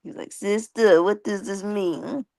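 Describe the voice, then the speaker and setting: A woman's voice: medium pitch, unhurried, gravelly, warm tone, dry recording. A woman hosting a casual live stream, reading viewer comments aloud in a playful, teasing way and laughing often.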